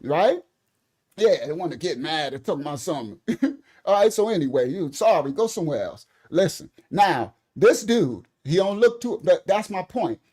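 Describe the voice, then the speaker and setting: A middle-aged man doing casual commentary for online viewers, animated and preachy, laughing often, talking straight to his commenters. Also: on the high side, moderate pace.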